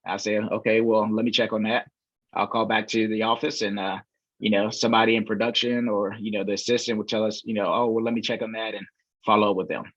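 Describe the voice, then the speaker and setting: A real estate investor, a podcast guest, talks casually and quickly in a lowish voice, with no room sound and a dull, dry, lo-fi recording. He relaxes into a long story full of fillers, acting out quoted voices.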